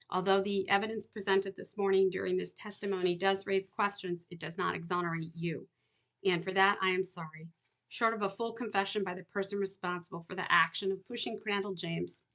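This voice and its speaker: A woman reading aloud, voicing a merciful male judge who speaks formally and deliberately. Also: lowish voice, a bit bright. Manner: formal, measured.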